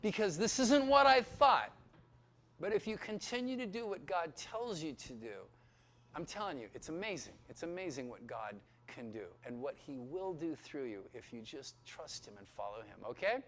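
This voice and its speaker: A man in his fifties, a pastor telling his testimony to Bible school students, animated and acting out the conversations he recalls. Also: a little high, normal speed, a little hiss or hum. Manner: animated storytelling, acts out dialogue; emotional, near tears.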